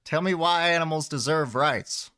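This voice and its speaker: A man putting on a brash anti-vegan loudmouth. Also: a little high, normal speed, smooth, pitched above the performer's own voice. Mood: goading. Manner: mocking, exaggerated drawl. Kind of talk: mock troll role-play on a voice call.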